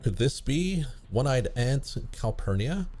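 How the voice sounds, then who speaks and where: A man's voice: mid-range voice, big pitch swings, slow, a little mellow, slight background noise. A man streaming a game, reading its text aloud with wry, amused asides. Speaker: let's play streamer.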